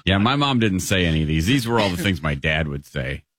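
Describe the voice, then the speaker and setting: A man's voice: low voice, very animated, brisk, a bit bright, no echo. A man co-hosting a casual radio show, joking in a dry way.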